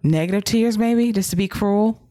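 A man co-hosting a casual wrestling talk show. He sounds direct and critical, in a steady way. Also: sits high, moderate pace. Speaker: wrestling podcast co-host. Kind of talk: casual commentary chat.

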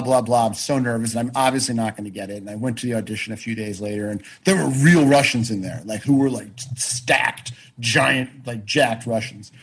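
A man with a slightly husky voice tells a long personal story as a podcast guest. He talks in an animated, loose way, swears freely and restarts his sentences often. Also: mid-range voice, poor audio. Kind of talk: casual storytelling chat.

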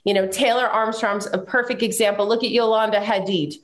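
A woman with a mid-pitched voice hosts the conversation and keeps affirming her guest. Her speech is warm in its words and steady in its pace. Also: a little fast. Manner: encouraging, affirming. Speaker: podcast host. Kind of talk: supportive interview chat.

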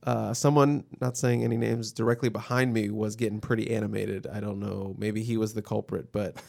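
A man's voice: on the low side, flat delivery, a little fast, vocal fry, darkish tone. A man co-hosting a sports podcast, telling stories in an easygoing way and acting out the quotes. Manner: easygoing storyteller, acts out quotes. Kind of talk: casual sports chat.

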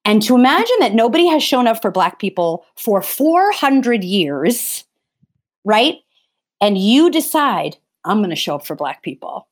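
Earnest woman guest, somewhat high voice. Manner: impassioned, emphatic, frequent restarts. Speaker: interview guest. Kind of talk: earnest conversational interview talk.

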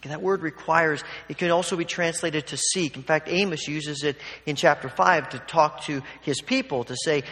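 A man's voice: on the high side, normal speed, few pauses, fairly bright tone. A man preaching a sermon in a conversational, emphatic way, acting out the quotes he reads. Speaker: pastor. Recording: long hall reverb.

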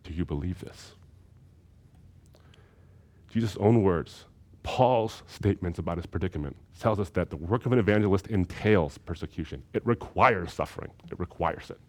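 A man's voice: low voice, moderate pace. A man lecturing in a recorded seminary course, emphatic and fond of repeating key phrases.

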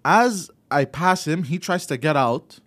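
A man's voice: fairly high pitch, animated, a little slow, a bit bright. A man in casual chat, laid-back and rambling, with hesitant restarts.

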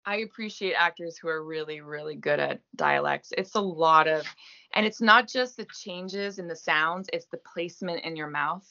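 A woman's voice: lowish voice, normal speed, bright, forceful tone, muffled recording. A woman in her thirties whose first language is French, with a light French Canadian accent. She is an actress guest, chatting casually and self-deprecatingly with lots of fillers. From Gaspé, eastern Quebec, Canada. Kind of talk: casual interview chat.

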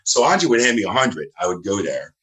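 A man's voice: lowish voice, very animated, a little fast, fairly bright tone. A man, a referee telling rambling anecdotes from home over a video call and acting out the voices of the people he quotes. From New Jersey, USA. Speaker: wrestling referee, guest. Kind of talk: casual interview storytelling. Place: his home.

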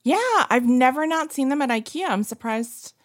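A woman's voice: high voice, animated, moderate pace, dry recording. A woman on a video call, chatting casually with a dry, wry way of talking. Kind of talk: casual chat.

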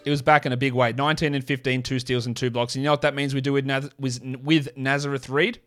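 A man hosting a casual sports show, reading off stats quickly with blunt, sarcastic commentary. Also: mid-range voice, flat delivery, a bit bright, faint music behind. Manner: blunt, sarcastic, rapid-fire stat reading. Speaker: podcast host.

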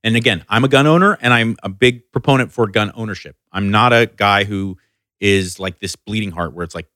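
A man's voice: fairly low pitch, a little fast, pushed and bright, no echo, clean studio sound. A man co-hosting a casual podcast chat, giving earnest opinions and swearing casually.

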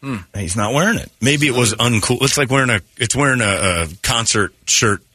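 A man hosting a morning radio show, bantering casually with wry, deadpan jokes from a studio mic. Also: mid-range voice, a little fast, husky, no echo. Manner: wry, deadpan joking with frequent laughs.

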